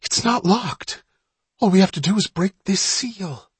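A man voicing a bold older brother, a boy who talks in eager, hushed urgings. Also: medium pitch, lively intonation, moderate pace, husky, dry recording, voice pushed up. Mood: excited whisper.

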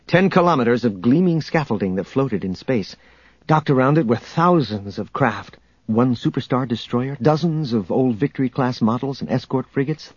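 A man narrating an audiobook in a steady storytelling manner, in a dull, dry recording. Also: mid-range voice, breathy edge, no echo.

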